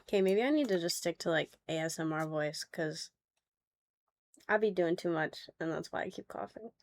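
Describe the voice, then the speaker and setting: A woman's voice: fairly low pitch, normal speed. A young adult woman streaming live as she reveals graded trading cards, chatting casually, bluntly and with plenty of swearing and laughter. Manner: blunt and profane, laughing easily. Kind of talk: casual livestream chat.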